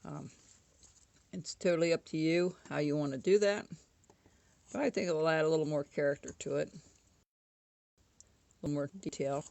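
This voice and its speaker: A woman's voice: low-pitched, fairly even intonation, moderate pace, gravelly, long pauses, darkish tone, no room sound. A woman casually talking through a woodcarving tutorial at home, chatty and often correcting herself. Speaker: woodcarving instructor.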